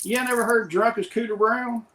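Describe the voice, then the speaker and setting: A man's voice: very high-pitched, steady tone, normal speed, fairly bright tone, roomy sound, a little hiss or hum, rough recording. A middle-aged man co-hosting a podcast, telling rambling anecdotes in casual chat and quoting others in his plain voice. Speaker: podcast co-host.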